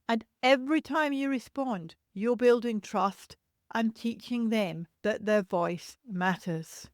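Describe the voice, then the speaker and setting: A woman hosting a solo parenting podcast, explaining baby cries in a gentle, reassuring teaching tone and imitating the cries to show them. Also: on the high side, slow pace, dry recording, studio quality. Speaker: podcast host and childcare educator.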